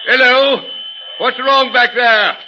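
An actor playing a brisk, matter-of-fact male train engineer in an old-time radio drama. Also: very high voice, fairly even intonation, noisy background. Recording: muffled old radio recording with background ambience.

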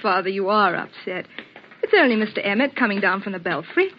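An actress playing a vicar's calm, reassuring young daughter in a 1940s radio drama. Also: female voice, medium pitch, a little fast, slight background noise, close to an everyday voice. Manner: gentle, reassuring. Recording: dull old radio recording.

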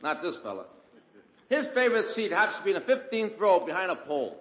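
On stage in front of a live crowd, a Brooklyn-born comic with a matching accent spins a wisecracking stand-up story, bellowing lines from fans. He talks fast in a high, sing-song voice, captured with poor audio in an echoey room.

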